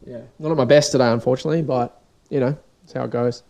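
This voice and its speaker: Gravelly, dark-voiced Australian man ranting. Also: mid-range voice, fairly even intonation, fast. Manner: rambling, sweary, restarts often. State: sore, dried-out voice. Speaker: podcast host. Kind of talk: casual solo rant.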